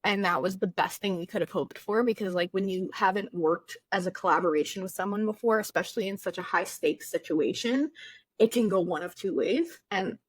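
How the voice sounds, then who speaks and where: A woman recounting her experience in a relaxed interview, chatty and full of filler "likes". Her voice sits at an ordinary middle pitch. The recording is dry and close, with no room sound. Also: fairly quick, breathy edge, no echo. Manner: chatty storytelling, heavy use of "like". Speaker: baking competition contestant, guest. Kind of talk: casual interview chat.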